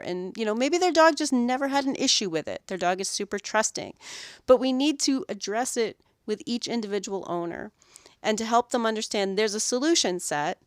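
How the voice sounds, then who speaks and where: A woman hosting a podcast about dog grooming, telling animated stories about her week and acting out the owners and dogs. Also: mid-range voice, moderate pace, no echo, clean studio sound. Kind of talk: solo podcast monologue.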